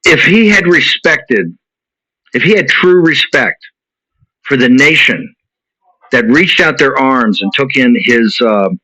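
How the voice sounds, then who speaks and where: Forceful ranting male host. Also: medium pitch, expressive, slow, pauses often, dry recording. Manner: emphatic, repetitive ranting. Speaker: show host. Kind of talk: heated political commentary. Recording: dull lo-fi recording.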